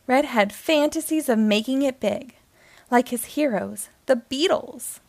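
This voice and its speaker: A woman reads a picture book aloud to children, slow and expressive. Her voice sits fairly high, and the recording is close and dry with no room sound. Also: gravelly, dry recording. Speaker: host and reader.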